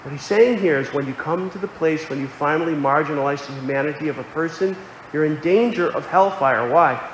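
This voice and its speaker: A man's voice: a little high, a little fast, a little hiss or hum. A man preaching a sermon, earnest and explanatory, quoting scripture aloud. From Connecticut. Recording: echoey hall with faint ambience.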